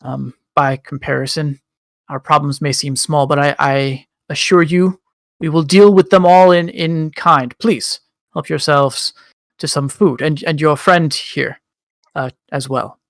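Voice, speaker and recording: A weary, graying raccoon nobleman speaks in measured, formal tones, voiced by a man. The voice sits fairly high with a gravelly edge. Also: steady tone, fairly bright tone, dry recording. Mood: welcoming. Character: weary graying old raccoon lord, level-tempered father.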